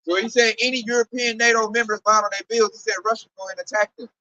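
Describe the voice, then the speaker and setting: Bright-voiced man preaching in slang. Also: high-pitched, fairly even intonation, fast talker, no room sound, recorded from a distance, low-quality recording. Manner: slangy, acts out quoted voices. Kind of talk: street-style sermon commentary.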